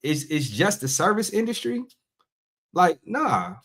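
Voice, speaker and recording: A man's voice: high-pitched, big pitch swings, fairly bright tone. Man musing in a loose casual monologue. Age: middle-aged. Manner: conversational, drawn-out emphatic phrasing. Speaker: podcast host.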